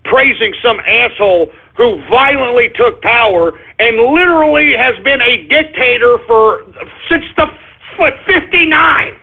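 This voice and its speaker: Man, talk radio host, angry rant, high husky voice, tinny phone-like sound. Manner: angry, cursing, frequent sighs and restarts. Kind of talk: ranting call-in radio monologue.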